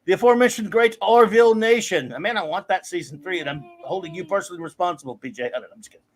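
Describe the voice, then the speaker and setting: A man's voice: sits high, rapid-fire, a little hiss or hum. A man co-hosting a live stream, joking around and welcoming viewers by name in casual chat. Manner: jokey, greets viewers by name. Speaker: co-host of a live streamed show.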